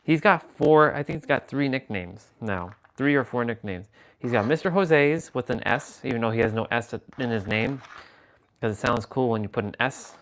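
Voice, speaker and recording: A man's voice: medium pitch, normal speed. A man hosting a live stream, rambling casually and playfully as he chats with his viewers. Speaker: livestream host.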